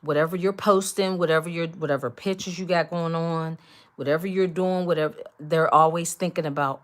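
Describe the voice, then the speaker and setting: A woman's voice: sits low, fairly even intonation, a little fast. A woman doing a collective tarot reading, speaking emphatically and repetitively straight to her viewers. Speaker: tarot reader.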